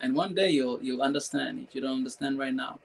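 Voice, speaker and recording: A man's voice: mid-range voice, fairly quick, vocal fry, slightly rough, rough recording. A man hosting a live stream, talking emotionally in a preachy way, repeating phrases and asking rhetorical questions. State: emotional, voice breaking at times.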